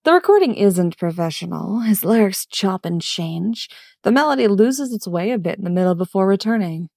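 A woman narrating a fan story aloud, gentle and smiling as she reads. Her voice has a gravelly texture, and the recording is dry and close to the mic. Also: mid-range voice, lively intonation, moderate pace, dry recording. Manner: gentle, warm storytelling with a smile in the voice. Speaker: fan fiction reader. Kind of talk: audiobook-style story narration.

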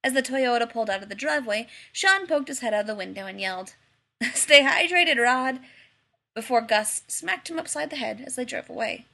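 Woman reading a story out loud, kinda high, gravelly fry in it. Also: animated, fast talker, hardly any pauses. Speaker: reader. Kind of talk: audiobook story narration.

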